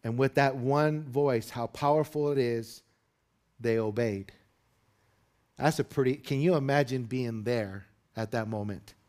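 Earnest male preacher. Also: unhurried. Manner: earnest preaching, rising loud and high when dramatizing the disciples. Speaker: pastor. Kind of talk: sermon.

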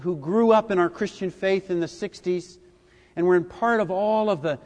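An older man preaching a sermon, deliberate and emphatic, swinging from soft, low phrases to loud, stressed ones. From United States. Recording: echoey hall.

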